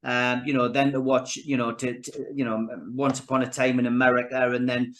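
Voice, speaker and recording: A middle-aged man, telling stories as a guest in a casual interview, animated and full of restarts. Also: mid-range voice, fairly quick, slight background noise. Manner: animated storyteller with many restarts and fillers. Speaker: guest, actor and filmmaker.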